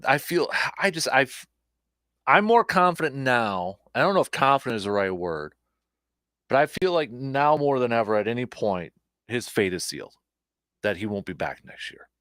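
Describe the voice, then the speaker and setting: A man's voice: mid-range voice, sing-song, moderate pace, a bit bright, no echo, clean studio sound. A man hosting a casual sports talk show. He rambles a bit, with plenty of fillers and restarts. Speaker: host.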